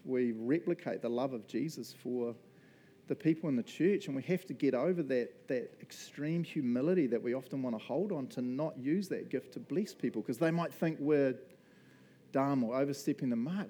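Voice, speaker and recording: A man's voice: mid-range voice, expressive, warm tone. Laid-back chatty male pastor. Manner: chatty, laughs often, quick asides. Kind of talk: casual conversational sermon. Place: church service.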